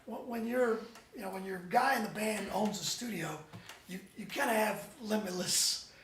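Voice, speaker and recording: A man, a band member guest, chatting casually in an interview as an animated, rambling storyteller with many restarts. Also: high voice, normal speed, slight background noise. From United States. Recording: roomy echo, distant mic.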